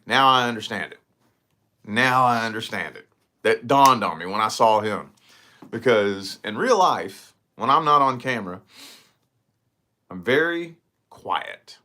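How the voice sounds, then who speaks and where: A man's voice: medium pitch, a little slow. A man chatting casually to camera in his vlog, rambling and profane as he tells stories. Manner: rambling, profane, animated storytelling. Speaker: vlogger.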